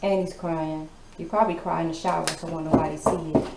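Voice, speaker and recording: A woman's voice sitting low, level in tone, creaky, and quick delivers a casual tarot reading. She speaks bluntly with sass and lots of cursing, recorded in an echoey room with background noise.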